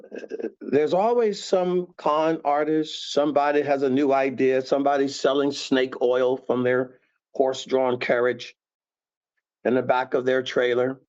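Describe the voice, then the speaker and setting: A man teaching scripture conversationally, animated and acting out tones of voice to make his points. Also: mid-range voice, measured pace, highs cut off. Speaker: Bible teacher.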